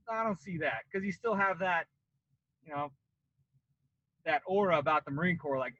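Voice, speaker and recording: This late-thirties ex-Marine from Colorado tells a long podcast story in a casual, animated way, acting out the quoted voices. His voice is a little high and a little fast, broken by long pauses, and the lo-fi recording has no echo.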